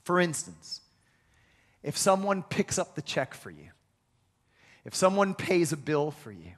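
A man's voice: fairly high pitch, very animated, a little slow. A male pastor delivering an emphatic, repetitive sermon in a church and leading the congregation in call-and-response. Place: church sanctuary. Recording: long reverb of a large hall.

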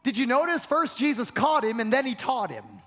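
A man preaches in a strikingly high voice, pressing his points with repetition and questions to his listeners. His words ring out with a long hall reverb behind them. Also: wildly swooping pitch, normal speed. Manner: emphatic, repeats phrases, asks the congregation questions, occasional shouts. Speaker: pastor. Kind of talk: sermon.

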